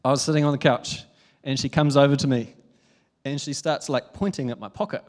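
A young New man preaching a sermon, telling a family story in a lively, chatty way with frequent laughs. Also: mid-range voice, a little fast. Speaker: pastor.

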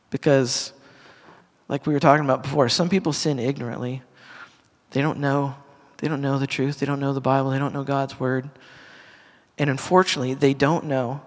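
A middle-aged man, a pastor, giving a casual, earnest sermon to a congregation in a church hall, talking conversationally with restarts and asides. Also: mid-range voice. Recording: long reverb of a church hall.

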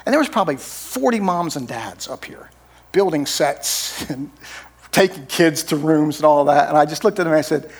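An expressive middle-aged pastor speaks at normal speed in a fairly high voice with a breathy edge. His sermon feels like conversation, punctuated often by the question "right?"

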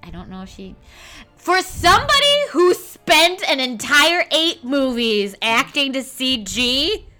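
A woman co-hosting a casual movie podcast, expressive and quick to giggle. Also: high voice, faint music behind. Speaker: podcast co-host.

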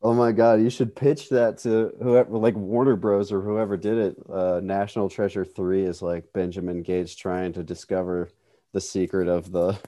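A man's voice: deep voice, level tone, moderate pace, warm tone. A man chatting casually on a podcast, laughing a lot and rambling with fillers. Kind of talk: casual comedic chat.

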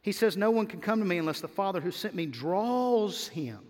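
A man's voice: high voice, animated, moderate pace, a little mellow. A man preaching a sermon with emphatic delivery, repeating key words and rising on his refrains. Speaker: pastor. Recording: hall reverb.

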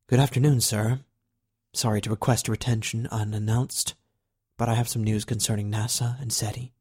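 Man doing a calm, formal government agent. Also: on the low side, breathy edge, no room sound, studio quality. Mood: measured. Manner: measured, respectful reporting.

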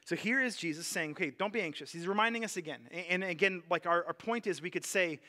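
A man preaching a sermon in a relaxed, conversational way, often stopping to restart a phrase. His voice is bright and sits a little high for a man. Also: fairly quick. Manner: conversational, earnest, many fillers and restarts. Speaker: pastor.

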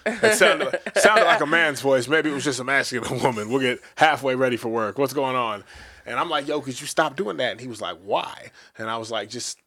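A young man co-hosting a podcast, telling crude stories in a profane, animated way with sudden jumps in his voice. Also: mid-range voice, a little fast. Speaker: podcast co-host. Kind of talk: crude comedic podcast banter.

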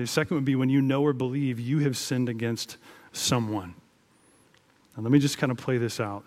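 A man's voice: mid-range voice, darkish tone. Earnest male pastor preaching. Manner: earnest, conversational preaching with emphatic rises. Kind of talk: sermon.

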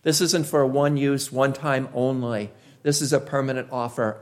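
A man preaching a sermon, emphatic, repeating key phrases with drawn-out pauses. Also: mid-range voice, steady tone.

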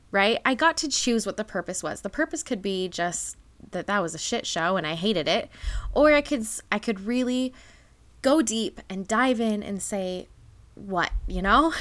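A young woman hosting her own podcast, talking openly and with lots of energy, laughing often between her thoughts. Her voice is bright and clear, and her pitch sits in the usual middle range for a woman. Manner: candid, animated, laughs often. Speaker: podcast host. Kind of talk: personal podcast talk.

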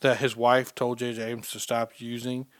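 A man's voice: medium pitch, little pitch movement, moderate pace. A man on a podcast chatting casually, tossing in dry, joking asides. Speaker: podcast guest. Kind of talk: casual chat.

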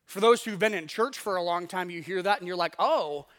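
A man's voice: high-pitched, fast talker, a bit bright. A man pastor preaching a sermon in a conversational, emphatic way, often restarting phrases and adding asides to the congregation.

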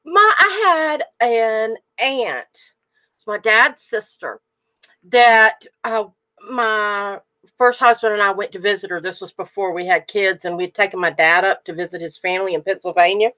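A woman's voice: medium pitch, unhurried, bright, forceful tone. A middle-aged woman co-hosting a casual chat, telling stories and laughing often. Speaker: podcast co-host.

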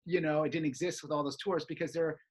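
A woman in her thirties, chatting casually and telling animated stories with plenty of laughter. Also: deep voice, fast talker, low-quality recording. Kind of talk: casual storytelling chat.

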